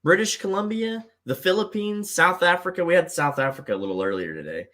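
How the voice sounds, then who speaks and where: A man's voice: high-pitched, animated, fairly quick, fairly bright tone. A middle-aged man hosting a live call-in show in a casual, rambling way, full of fillers and repeats. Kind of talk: casual livestream chat.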